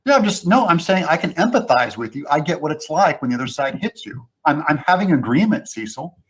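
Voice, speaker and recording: A man arguing defensively as a guest on a casual panel, quick to push back and complain. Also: on the high side, big pitch swings, slightly rough.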